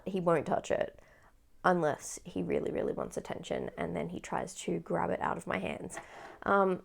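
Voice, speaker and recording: A woman's voice: medium pitch, vocal fry, darkish tone. A woman chatting casually about crochet, rambling with lots of fillers. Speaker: crochet vlogger. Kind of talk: casual chat.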